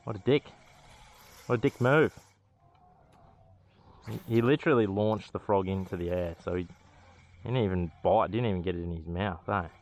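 An Australian man giving casual, excitable running commentary while fishing outdoors, swearing freely and talking to the fish. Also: deep voice, normal speed, long pauses. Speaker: fishing vlogger.

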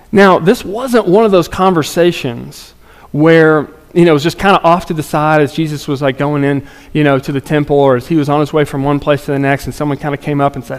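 Male pastor, fairly high voice, chatty sermon with acted-out voices, big reverberant hall. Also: darkish tone. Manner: conversational, acts out voices of people in the story.

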